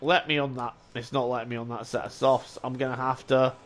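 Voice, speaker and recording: A man's voice: medium pitch, little pitch movement, a little fast, slight background noise. A man talking to himself while playing a racing game, self-critical with exasperated outbursts. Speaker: gaming channel host. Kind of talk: casual gameplay commentary. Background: faint game music.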